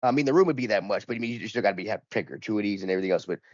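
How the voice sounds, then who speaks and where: Fast-talking man telling a rambling story. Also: on the low side, dry recording. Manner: rambling, profane, lots of repeated restarts; acts out both sides of the argument. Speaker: podcast co-host. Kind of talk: casual storytelling chat. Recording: dull lo-fi dry recording.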